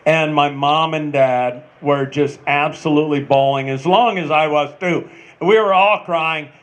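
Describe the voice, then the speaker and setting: A man in his sixties, a retired ballplayer telling a long story on stage, with many pauses and fillers. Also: on the high side. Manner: rambling anecdotal, many "uh" pauses. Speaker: retired ballplayer, panel guest. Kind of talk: storytelling at a live panel.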